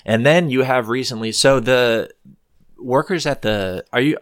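A man's voice: medium pitch, a little slow, a bit bright, no room sound, studio quality. A man hosting a casual podcast chat, thinking aloud in a rambling, hesitant way with many ums and restarts.

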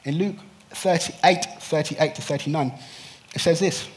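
Impassioned male preacher, fairly high voice. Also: a little slow. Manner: impassioned, swings from hushed to loud pleading. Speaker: pastor. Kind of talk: sermon.

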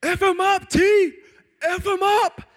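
A man voicing a loud male friend at a club who eggs on a fight, shouting in a raised voice. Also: very high-pitched, steady tone, slow pace, long reverb tail, voice pushed up, exaggerated voice. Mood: egging on. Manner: shouting, hyped up.

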